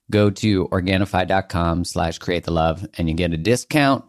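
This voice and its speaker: A man's voice: sits low, lively intonation, moderate pace, few pauses, no echo, clean studio sound. A man hosting his podcast, reading a listener review and an ad in a playful, jokey way. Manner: playful, jokey, self-deprecating. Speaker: podcast host. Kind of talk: casual podcast intro and ad read.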